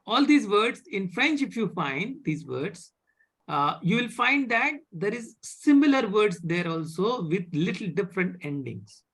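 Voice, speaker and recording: A man teaching a live online French class, halting with many fillers and often asking "okay?". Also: sits high, very animated, a bit bright, husky.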